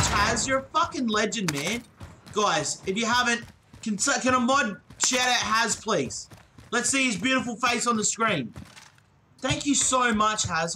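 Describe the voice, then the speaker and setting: A young man with an Australian accent chats away while streaming a shooter, his voice pitched high and quick to burst out. He swears freely and thanks his viewers over and over. Game noise and clicking sit clearly under his voice. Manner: excitable, swears often, thanks viewers profusely. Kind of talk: live-streamed gameplay chat.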